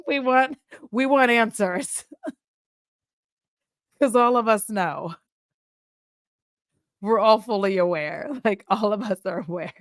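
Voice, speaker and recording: A woman's voice: medium pitch, takes it slowly, pauses often, no room sound, clean studio sound. A woman from Texas, giving casual, rambling commentary full of laughs and side notes. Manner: chatty, laughs often, tangents and asides. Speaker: commentary YouTuber.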